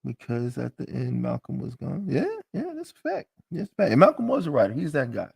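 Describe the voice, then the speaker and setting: A man's voice: mid-range voice, big pitch swings, brisk, creaky, darkish tone, slightly rough. Emphatic joking man teaching a class. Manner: emphatic, joking, with frequent restarts. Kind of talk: casual live class commentary.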